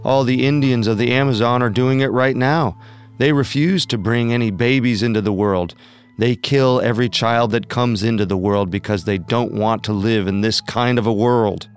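A man's voice: mid-range voice, normal speed, clear, resonant tone, soft background music, close to an everyday voice. A man acting out a middle-aged cult leader in a dramatized reenactment, preaching and pleading with his followers in a repetitive, sermon-like way. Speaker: voice actor in a reenactment. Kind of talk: dramatized reenactment of recorded speech.

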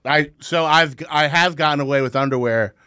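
A man's voice: a little high, moderate pace, bright, forceful tone, clear, resonant tone. A man co-hosting a comedy podcast, telling blunt, crude anecdotes in casual chat. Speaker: podcast co-host.

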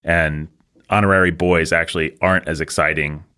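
A man's voice: low-pitched, fairly even intonation, normal speed, bright, forceful tone, clear, resonant tone. A man co-hosting a podcast, giving thoughtful, opinionated takes in casual film talk. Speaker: podcast co-host. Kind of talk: casual film review chat.

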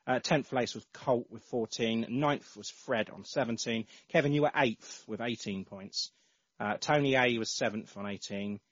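A man's voice: medium pitch, normal speed, no room sound. A man hosting a casual football podcast, reading out listener entries with lots of ums and uhs. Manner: reads out listener entries with many fillers. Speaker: podcast host. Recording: slightly dull lo-fi audio.

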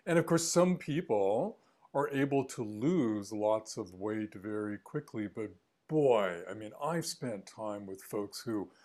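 A man's voice: lowish voice, animated, slow pace, darkish tone. A man being interviewed as an author, explaining his points thoughtfully and often restarting phrases. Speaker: author guest. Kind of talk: conversational interview.

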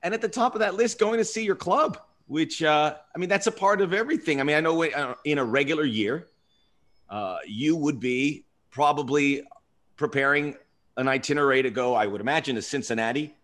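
A man's voice: on the high side, brisk, fairly bright tone. Conversational male podcast host. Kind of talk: casual podcast chat.

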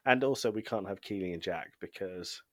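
Deep-voiced man recapping an episode. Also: brisk, dry recording. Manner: chatty, laughs often, frequent ums. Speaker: podcast co-host.

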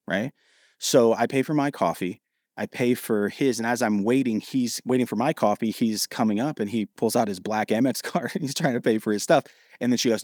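Ohio guy talking fast, animated storytelling, dry close sound. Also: mid-range voice, no room sound. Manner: animated, acts out quoted dialogue. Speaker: podcast guest. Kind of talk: storytelling in a podcast interview.

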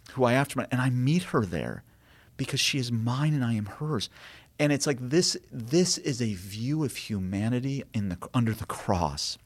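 A man, a guest author, telling stories earnestly and reflectively in conversation, with frequent fillers and restarts. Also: on the low side. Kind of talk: conversational storytelling.

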